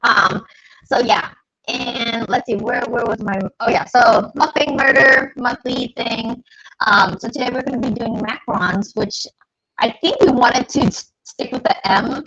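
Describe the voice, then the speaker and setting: A woman's voice: fairly high pitch, unhurried, creaky, pushed and bright, slightly rough, lo-fi sound. A woman co-hosting a casual livestream chat, talkative and laughing, eating while she talks. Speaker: podcast co-host.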